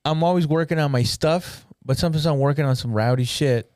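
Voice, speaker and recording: A man of ordinary pitch talks shop on a casual podcast, rambling and restarting his sentences as he thinks aloud. The mic is close and dry, with no room sound. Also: brisk, a little mellow, no room sound. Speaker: podcast host and comedian running a show.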